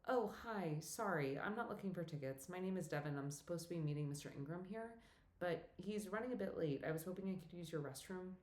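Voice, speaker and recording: A woman voicing a flustered, eager young woman who talks in a hurried, apologetic way, read in a room with some echo. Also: lowish voice, animated, darkish tone, close to an everyday voice. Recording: roomy echo.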